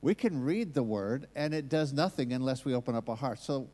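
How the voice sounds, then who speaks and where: A man's voice: medium pitch, animated, fairly quick, warm tone. An American man preaching a sermon and leading prayer, earnest and rising to emphatic points. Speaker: guest preacher. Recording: long hall reverb.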